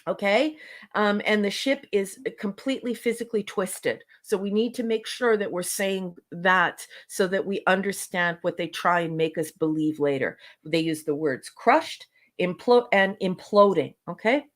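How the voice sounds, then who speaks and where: A woman's voice: mid-range voice, normal speed. A woman on a casual podcast, reviewing episodes in an exasperated, sarcastic rant.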